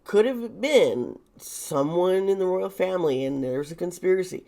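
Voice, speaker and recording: A woman's voice: fairly low pitch, lively intonation, normal speed, gravelly, dark tone. A woman hosting a casual tarot reading, thinking aloud with many restarts and sounding a bit nervous. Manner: nervous, uneasy. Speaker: tarot reader and video host.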